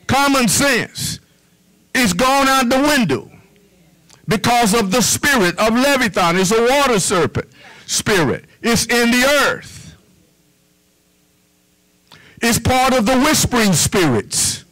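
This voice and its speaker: High bright-voiced preaching man. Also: lively intonation, slow, pauses often, low-quality recording. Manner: preaching with repetition, drops to a low hush on "whisper". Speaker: pastor. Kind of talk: sermon.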